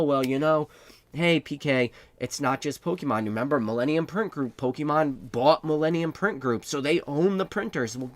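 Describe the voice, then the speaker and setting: In a dry recording, a young trading card investing host rants in a sarcastic monologue, peppering it with mocking rhetorical questions. He speaks at medium pitch with a somewhat bright tone.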